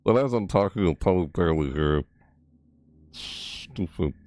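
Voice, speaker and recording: Racing through his words, this gaming video creator has a low, slightly mellow voice recorded with no room sound. Watching a game trailer, he yelps in surprise, exclaims, and swears mildly with "frick" and "what the heck," while faint trailer music runs underneath.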